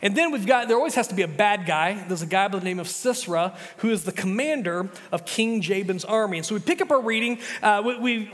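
A man's voice: high voice, a bit bright, long reverb tail. A man preaching a sermon as pastor, chatty and casual, often restarting his sentences.

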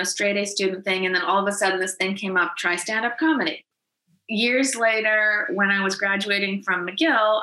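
A woman in her late thirties, a guest from Winnipeg telling her story in a lively, casual way and acting out her own past dialogue. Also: mid-range voice. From Winnipeg, Canada. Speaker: interview guest. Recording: echoey room.

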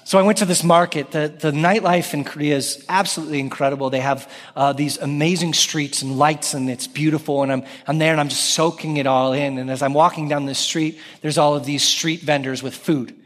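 Man, pastor, sermon, animated delivery, higher voice, long hall reverb. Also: brisk, few pauses. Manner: animated, calls out scripture loudly. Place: church sanctuary.

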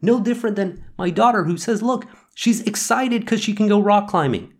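A man in his thirties hosting a podcast, telling a personal story and reflecting in a relaxed, thoughtful way with small fillers. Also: sits high, moderate pace. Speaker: podcast host.

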